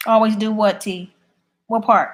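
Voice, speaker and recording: A woman's voice: mid-range voice, steady tone, a little slow. A woman chatting casually on a livestream, reading viewer comments and answering them bluntly. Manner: blunt, opinionated. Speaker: YouTube live streamer.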